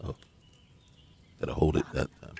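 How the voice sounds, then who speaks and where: A man's voice: normal speed, dark tone. A man hosting a gaming channel gives casual commentary on his gameplay, talking to himself and crying out in frustration when things go wrong. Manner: talks to himself, exclaims in frustration.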